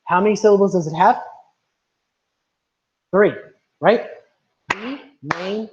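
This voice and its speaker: Male teacher on a video call, slightly high voice, muffled lo-fi sound, patient and repetitive. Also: measured pace, background noise. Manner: patient, repeats words and checks with "right?". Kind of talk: online class teaching.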